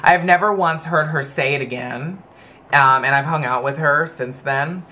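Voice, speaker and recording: A man's voice: fairly high pitch, normal speed, sharp tone. A man in his twenties talking casually to camera in a vlog, rambling and digressing as he tells a personal story. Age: 20s. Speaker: vlogger.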